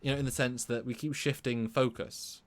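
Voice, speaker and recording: A man from England co-hosting a live stream discussion, talking in an animated, rambling way with many restarts. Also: medium pitch, moderate pace. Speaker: co-host.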